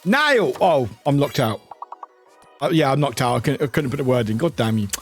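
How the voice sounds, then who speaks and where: A man from the UK chatting casually with viewers on a live stream as he plays a word game, upbeat and quick to greet people. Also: medium pitch, darkish tone, soft background music. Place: home room with a cat nearby.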